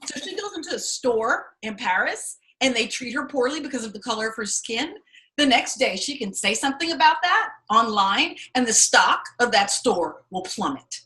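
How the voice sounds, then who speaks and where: A woman's voice: on the high side, big pitch swings, normal speed, bright, forceful tone. A woman teaching an acting class, telling stories emphatically, cursing freely and laughing often. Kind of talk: animated storytelling lecture.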